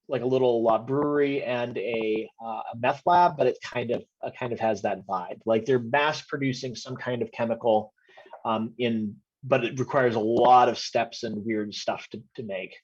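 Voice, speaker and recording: Husky game master, hesitant, lo-fi sound. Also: male voice, mid-range voice, moderate pace. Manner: hesitant, many ums while describing scenes. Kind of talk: narrating a tabletop game over video call. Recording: dull lo-fi audio.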